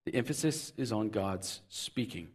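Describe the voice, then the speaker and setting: An animated male pastor with a slightly rough voice preaches a little slowly, earnest and full of repetition. He builds to loud emphasis and drops into soft, low asides.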